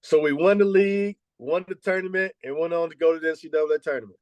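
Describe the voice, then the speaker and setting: A man in his fifties, a former college basketball head coach, telling lively stories and peppering them with "man" and "you know". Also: on the high side, quick pace, no room sound. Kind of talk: storytelling interview answers.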